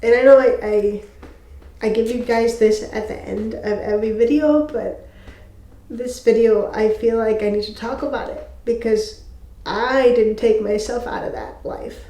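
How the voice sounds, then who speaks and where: Young woman, emotional halting testimony, somewhat high voice, mellow tone. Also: steady tone. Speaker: faith video host. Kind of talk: personal testimony to camera. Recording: echoey room.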